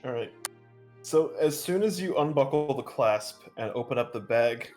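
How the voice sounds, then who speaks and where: A man's voice: medium pitch, expressive, moderate pace, darkish tone, faint music behind. Laughing man running a tabletop game. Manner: laughing often, stalls with "hold on". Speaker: dungeon master.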